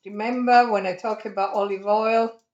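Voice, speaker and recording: A woman's voice: medium pitch, fairly even intonation, normal speed, a little mellow, reverberant, muffled recording. A woman with an Italian accent giving a cooking demonstration at home, chatty and digressive, laughing often. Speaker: home cook.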